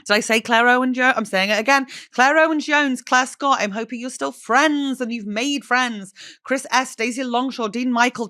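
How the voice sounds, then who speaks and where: A woman's voice: a little high, normal speed, sharp tone. A woman hosting a podcast in casual chat, swearing freely and laughing at herself. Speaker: podcast host.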